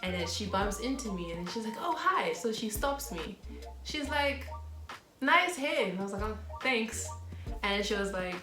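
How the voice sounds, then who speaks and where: A woman from South Africa chats in an expressive, playful manner. Her voice rings in an echoey room. Music is clearly heard behind her. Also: mid-range voice, normal speed. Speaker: guest vlogger. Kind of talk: casual chat.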